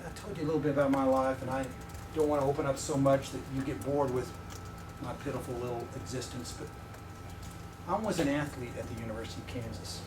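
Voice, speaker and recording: A middle-aged man preaching as a visiting professor speaks quickly in a mid-range voice with fairly even intonation. His sermon mixes personal stories with jokes for the audience. The mic picks him up from a distance in an echoey room with a noisy background.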